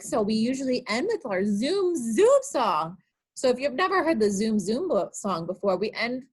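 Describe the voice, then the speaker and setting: A woman with a high, bright-pitched voice that leaps up and down as she reads picture books to small children. She is a children's librarian at an online storytime, coaxing them with sing-song guessing questions. Her delivery is unhurried. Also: slightly rough.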